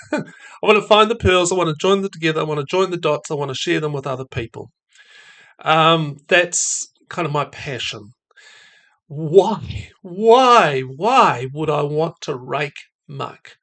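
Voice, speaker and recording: A man with a fairly high-pitched voice gives a thoughtful devotional talk. He muses aloud and drops in fillers and soft laughs as he goes. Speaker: faith and mental health speaker.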